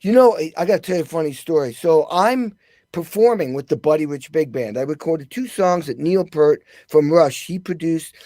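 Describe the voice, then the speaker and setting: A man with a slightly high voice tells stories as a guest on a talk show. He acts out other people's lines with animated jumps in pitch. The sound is dry and close. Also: normal speed, no echo. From United States. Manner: animated storyteller, acts out quotes in raised voices. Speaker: guest drummer. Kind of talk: casual interview storytelling.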